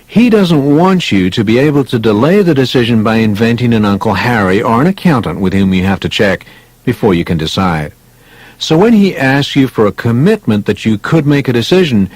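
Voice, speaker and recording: A man's voice: mid-range voice, no echo, rough recording. Male narrator for self-help audiobook: emphatic, chatty storyteller, dry close-mic sound. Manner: emphatic, conversational, lively storytelling.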